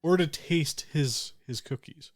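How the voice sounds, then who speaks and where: A man's voice: on the high side, slow pace, no room sound, studio quality. A man playing a cryptic old lady sleuth. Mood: secretive. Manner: cryptic, conspiratorial. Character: older woman baker, secretive sleuth. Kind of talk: tabletop role-play.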